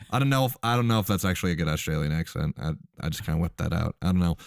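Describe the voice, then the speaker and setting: A man's voice: sits low, expressive, fast talker, creaky, dry recording, clean studio sound. A man hosting a podcast in casual chat, upbeat and rambling as he talks. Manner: rambling, upbeat, many fillers and restarts. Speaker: host.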